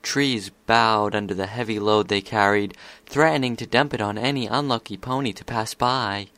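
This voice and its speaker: A man calmly narrating a story chapter as an audiobook reader. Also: lowish voice, normal speed, no echo.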